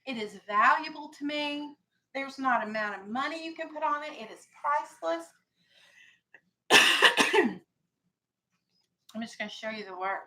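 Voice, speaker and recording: A woman's voice: high-pitched, animated, unhurried, pauses often, pushed and bright, poor audio. A woman teaching a classroom vocabulary lesson, firm and explanatory, stressing key words.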